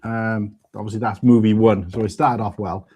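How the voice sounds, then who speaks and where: A man's voice: fairly low pitch, fairly even intonation, moderate pace, darkish tone, husky. A man from Wales hosting a live stream, chatting casually in a rambling way and laughing often. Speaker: stream host. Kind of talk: casual chat.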